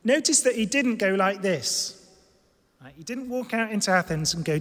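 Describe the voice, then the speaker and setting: A man preaching a sermon in a church hall, animated and emphatic, moving from loud emphasis to hushed stress. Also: high voice, moderate pace. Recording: long reverb of a large hall.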